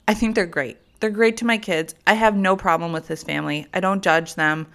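A young mother of three, with a lowish, slightly bright voice, speaks fairly quickly. She tells her viewers a funny story in a chatty, casual way, laughing and swearing freely as a vlogger.

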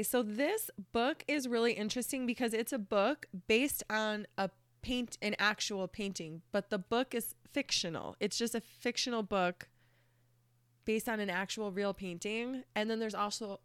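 A woman's voice: mid-range voice, moderate pace, clean tone, no echo, clean studio sound. A woman in casual chat recommending books, chatty and earnest, swearing casually and filling her talk with "like". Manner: earnest, emotional. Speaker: book vlogger.

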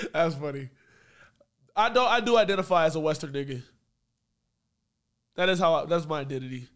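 A man's voice: a little high, measured pace, long pauses, a bit bright. A man co-hosting a live stream in casual chat, joking, laughing a lot and swearing freely. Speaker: stream co-host.

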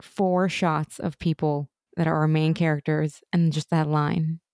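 A woman's voice: sits low, no room sound, clean studio sound. A woman co-hosting a casual TV recap podcast, retelling scenes and acting out the characters' lines with frequent laughs. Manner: animated retelling, acts out quoted lines, laughs often. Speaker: podcast co-host.

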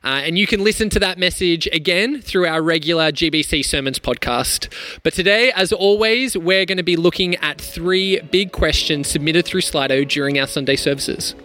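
A man hosting a church podcast, upbeat and quick to laugh as he introduces guests and questions. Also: a little high, pushed and bright. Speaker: podcast host.

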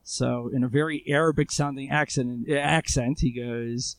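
A man with a gravelly, creaky voice tells his story as an interview guest. His talk is loose and conversational, full of fillers and restarts, and he sounds close and dry. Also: medium pitch, steady tone, normal speed, few pauses, no room sound. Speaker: guest, armed civilian responder. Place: Israel.

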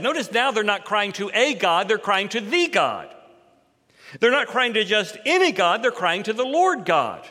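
A middle-aged man delivers an expository sermon from the pulpit. His voice sits high and bright, and it climbs and swells when he stresses a line. Long reverb from the sanctuary trails each phrase. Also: very animated, moderate pace. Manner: expository preaching, rising in pitch and force for emphasis. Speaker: pastor.

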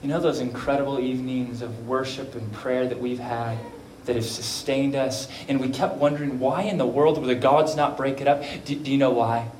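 A man's voice: medium pitch, fairly even intonation, moderate pace, a little mellow, slight background noise, pitched below the performer's own voice, lightly acted. A man doing an eager woman confiding. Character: hopeful grown woman confiding in her sister. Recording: echoey room.

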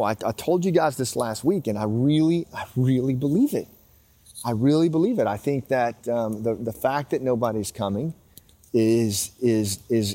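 A man's voice: mid-range voice, a little mellow, no echo. A man in his fifties hosting a podcast, talking earnestly and with growing passion as he walks outdoors. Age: 50s. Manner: earnest, emotional, builds to passionate. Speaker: podcast host. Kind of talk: casual walking monologue. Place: outdoors in a small river town.

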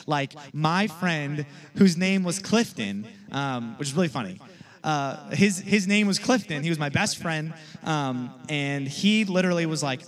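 A man's voice: on the high side, animated, moderate pace. A young man giving a casual sermon, telling a story in a chatty way and often checking in with "all right?". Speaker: youth pastor.

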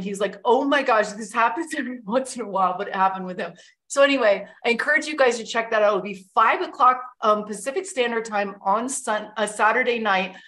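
A woman's voice: medium pitch, a bit bright. A young adult woman hosting a livestream, talking in a chatty, enthusiastic way with many fillers and asides. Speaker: host. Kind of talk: casual livestream talk.

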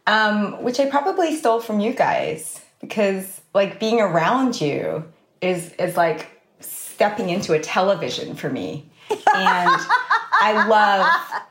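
Lively Australian woman in a roomy space. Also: lowish voice. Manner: dry, playful, animated. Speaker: guest. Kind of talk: casual chat.

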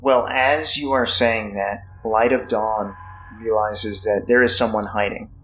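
A young man narrating as game master of a tabletop game, slow and halting with many fillers. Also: on the low side, steady tone, a bit bright, soft background music, rough recording.

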